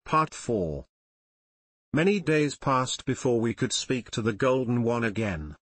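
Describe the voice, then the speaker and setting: A man narrating an audiobook in a measured, solemn reading voice. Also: mid-range voice, lively intonation, a bit bright, breathy edge, no echo. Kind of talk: scripted narration.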